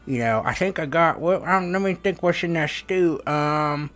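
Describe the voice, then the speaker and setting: A man's voice: a little high, extremely slow, pushed and bright, voice pushed up, heavily acted. A man doing a toothless, rambling old coot. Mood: eager. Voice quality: gummy, lisping, toothless mumble. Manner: rambling, folksy drawl.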